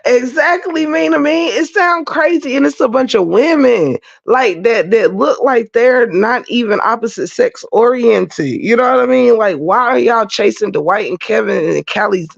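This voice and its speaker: A woman's voice: a little high, vocal fry. A woman ranting profanely and rambling in livestream commentary, stopping to greet viewers in the chat. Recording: dull lo-fi stream audio.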